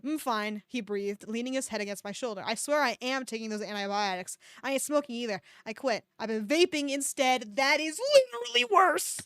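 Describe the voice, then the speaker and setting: Here a female streamer does a comic dramatic reading of fan fiction, pausing to ridicule it with snarky, cursing remarks. Her smooth voice is a little high and a little fast, with few pauses, captured dry in clean studio quality.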